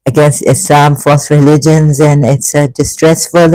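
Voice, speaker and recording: A vlogger talking through an emotional personal monologue, halting and sighing, with frequent restarts, stopping to read passages aloud. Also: mid-range voice, flat delivery, a little mellow, dry recording, rough recording. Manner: reads passages aloud between remarks.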